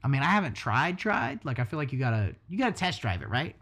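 A man's voice: medium pitch, big pitch swings, fast talker, fairly bright tone. A man hosting a podcast in casual chat, joking and rambling with lots of swearing. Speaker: podcast host.

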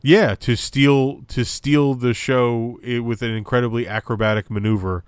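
In this casual wrestling review chat, a young male co-host rambles, filling gaps and restarting sentences often. He has a smooth mid-range voice with fairly even intonation at a moderate pace, and there's no echo.

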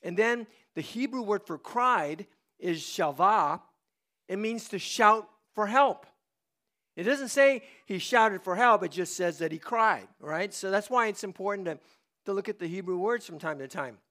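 An older pastor preaching a dramatic sermon, dropping to near-quiet confessions and then rising to loud, urgent emphasis. His voice is high for a man, bright and sharp-edged. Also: lively intonation, unhurried. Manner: dramatic, swings from hushed confession to loud shouting. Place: church.

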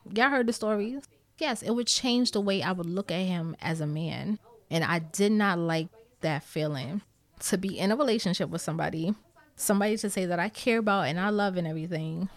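Blunt, profane New York woman. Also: medium pitch. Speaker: vlogger. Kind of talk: candid storytime talk to viewers.

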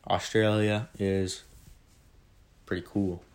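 Recorded on a phone, a young man in his late teens answers questions in a casual vlog, chatty and rambling as he corrects himself. His voice is on the low side with little pitch movement, and he talks slowly.

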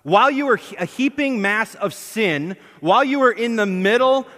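This pastor's high-pitched, pushed, bright voice has lively intonation and a normal pace as he preaches to his congregation in a reverberant church hall. He's emphatic, asking them questions and acting out what he quotes.

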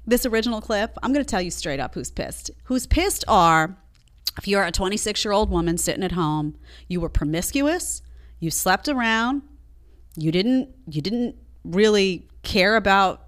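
A woman's voice: medium pitch, expressive, moderate pace. A woman hosting a live commentary show, delivering emphatic, sarcastic opinions in a scolding tone. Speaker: show host.

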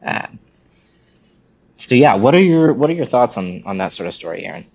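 A man's voice: mid-range voice, moderate pace, gravelly, pauses often, dull audio. A man co-hosting a casual podcast, talking in a rambling way with many restarts. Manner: rambling, many restarts, animated when quoting. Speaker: podcast co-host.

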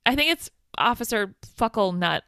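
A woman's voice: on the high side, lively intonation, pushed and bright, no room sound. A young woman co-hosting a podcast, chatting casually with wry remarks and frequent laughter. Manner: laughs often, quick reactions, wry. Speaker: podcast co-host. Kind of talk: casual chat recapping a film.

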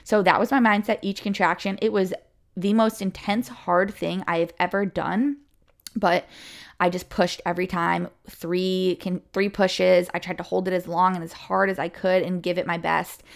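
A woman's voice: on the low side, level tone, vocal fry. A young woman telling her own story in a candid, chatty way, often saying "like" and lifting her voice when it gets emotional. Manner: candid and chatty, with fillers like "like" and quick emotional lifts. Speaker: podcast or vlog host sharing a birth story. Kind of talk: casual personal storytelling.

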